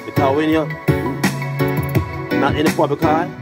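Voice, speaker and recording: This man, a reggae artist, has a slightly high voice, a level tone and a normal speed. He tells a rambling story in loose patois, swearing constantly and slipping into song from time to time, while loud music plays.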